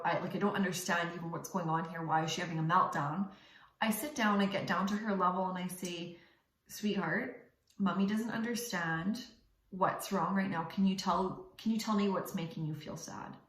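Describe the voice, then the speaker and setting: Earnest young mom talking in an echoey room. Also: female voice, lowish voice. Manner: earnest, direct, with many fillers and restarts. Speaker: mother giving advice. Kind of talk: casual talk to camera.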